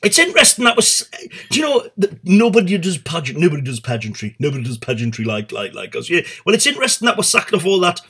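Bloke ranting on a comedy show, swears a lot, trips over his words, forceful husky voice. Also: high-pitched, big pitch swings, fast talker. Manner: rambling, sweary, stumbling restarts. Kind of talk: satirical comedy monologue.

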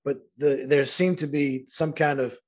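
A man hosting a podcast interview, enthusiastic and halting, often restarting his sentences. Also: medium pitch, steady tone. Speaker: podcast host. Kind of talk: casual interview chat.

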